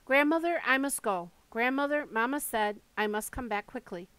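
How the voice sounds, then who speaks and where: A woman's voice: on the high side, expressive, normal speed, pushed and bright, clear, resonant tone, dry recording, rough recording. A woman reading aloud and voicing a frightened, earnest young girl who pleads. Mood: anxious.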